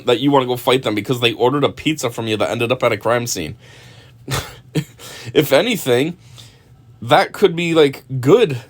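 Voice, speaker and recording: Guy doing casual commentary, rambly, chuckles a lot, lots of ums and likes. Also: mid-range voice. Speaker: video commentator.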